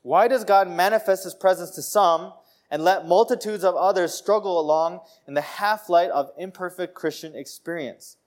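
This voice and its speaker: A man delivering a sermon, his voice sitting a little higher than most men's. He talks earnestly and conversationally, often repeating phrases and stumbling over a word before going on. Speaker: preacher.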